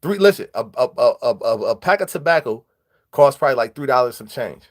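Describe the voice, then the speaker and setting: A man's voice: mid-range voice, animated, a little fast. A man casually telling prison stories, greeting live viewers and acting out quoted dialogue in street slang. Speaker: vlogger. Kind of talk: casual storytelling vlog.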